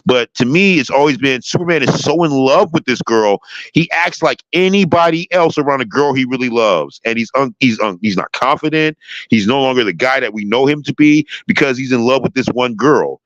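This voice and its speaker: A man's voice: mid-range voice, brisk, fairly bright tone, no echo. A man hosting a casual chat, talking with enthusiasm and rambling, with many restarts, over a slightly dull lo-fi mic. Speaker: show host. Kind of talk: casual chat about a TV show.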